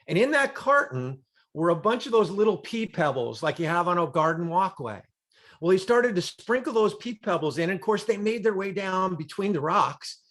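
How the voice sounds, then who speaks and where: Brief: motivational speaker, fairly high male voice, dramatic storytelling pace, call audio. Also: a bit bright. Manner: dramatic storyteller, repetitive emphatic phrasing. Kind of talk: storytelling keynote on a group call. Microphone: video call.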